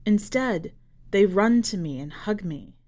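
A woman narrating a dark short story for a fiction podcast in a measured, dramatic reading style. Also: mid-range voice, lively intonation. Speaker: podcast editor and reader.

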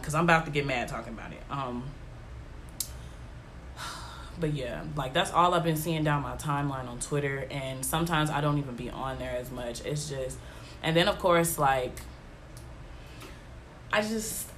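A woman's voice: sits low, a bit bright, a little hiss or hum. A young adult woman hosting a casual podcast, congested from allergies, talking in an emphatic, exasperated way full of slang fillers. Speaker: podcast host. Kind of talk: casual solo podcast chat.

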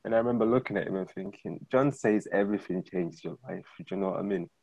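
A man in his thirties speaks quickly and casually as he recounts his own story, often checking in with "do you know what I mean?" His voice sits on the low side with a husky edge. The sound is dry and close. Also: darkish tone, no echo, lo-fi sound. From Zimbabwe. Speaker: guest, freelance director. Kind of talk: personal testimony in conversation.

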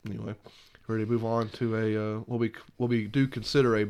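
A man's voice: fairly low pitch, little pitch movement, quick pace, a little mellow. A man co-hosting a casual video game podcast, blunt and opinionated. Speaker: podcast co-host. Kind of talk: casual chat.

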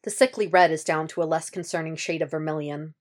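A woman reading fan fiction aloud as a podfic narrator, with steady, measured narration. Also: sits low. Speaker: podfic reader.

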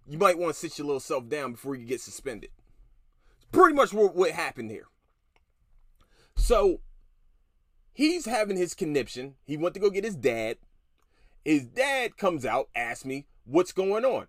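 A man's voice: fairly high pitch, fairly bright tone, no room sound, studio quality. A man in his thirties, a podcast host telling an angry story in a profane, sarcastic rant. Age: 30s. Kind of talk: ranting story told to listeners.

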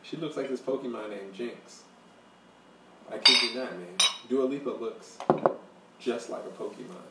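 A man co-hosting a podcast in casual banter, teasing his friend and jumping up in pitch when he mimics other people. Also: moderate pace, vocal fry, long pauses. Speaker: podcast co-host. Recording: roomy echo, a bit distant, faint hiss.

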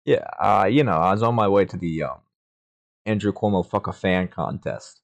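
A young man co-hosting a podcast, telling an absurd story in a halting, deadpan way. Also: sits low, vocal fry, slight background noise. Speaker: podcast co-host.

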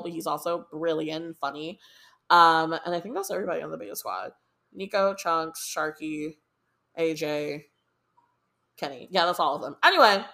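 Rambling, excitable young American woman. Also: lowish voice. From United States. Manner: rambling, excitable, heavy swearing and fillers. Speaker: podcast host. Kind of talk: casual chat.

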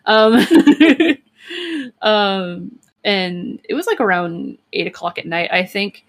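A young woman co-hosting a podcast, telling a story in a casual, rambling way with lots of "like" and "um" and quick laughs. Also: medium pitch, animated. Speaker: podcast co-host.

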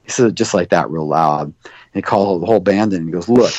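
Male guest, low-ish voice, rambling storyteller who mimics quoted lines; dull dry podcast audio. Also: quick pace, darkish tone, no room sound. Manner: rambling, many fillers, acts out quoted dialogue. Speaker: guest, record producer. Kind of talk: casual interview storytelling.

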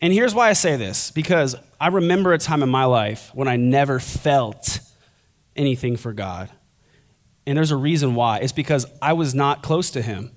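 A man's voice: mid-range voice, moderate pace. A young man preaching a sermon as a pastor, conversational and joking, then building to fervent intensity.

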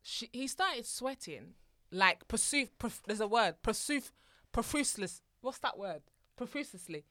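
A woman co-hosting a casual podcast chat, animated and laughing as she tells stories. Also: a little high, measured pace, no echo, studio quality. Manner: animated, laughing, restarts while storytelling. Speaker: podcast co-host.

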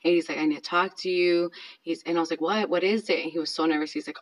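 A woman's voice: low voice, fairly even intonation, rapid-fire, poor audio. A woman in her thirties telling a personal story in a casual, chatty way, with lots of fillers. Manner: chatty, filler-heavy, self-conscious.

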